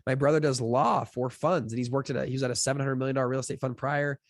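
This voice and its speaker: A man's voice: medium pitch, quick pace, no room sound. Young man, podcast guest; talky, filler-heavy storyteller; dry close sound. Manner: chatty, filler-heavy, acts out quotes with lively voices. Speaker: podcast guest, fund founder. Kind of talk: casual storytelling in an interview.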